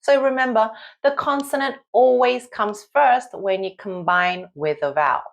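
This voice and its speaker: Woman, Korean accent, language teacher, unhurried delivery, careful syllable-by-syllable drills. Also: medium pitch, fairly bright tone. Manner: reads syllables aloud one by one in careful drill rhythm. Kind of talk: slow, clear beginner lesson with listen-and-repeat drills.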